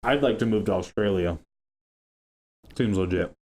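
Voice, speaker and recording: A man's voice: fairly low pitch, normal speed, darkish tone. A young man co-hosting a casual podcast chat, making wry quips. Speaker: podcast co-host.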